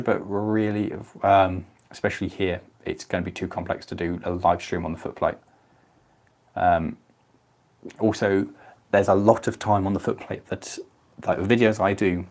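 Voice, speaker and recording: A young Englishman hosts a relaxed live stream, chatting easily and answering his viewers by name. His voice sits a little on the low side. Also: creaky. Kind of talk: casual live stream chat.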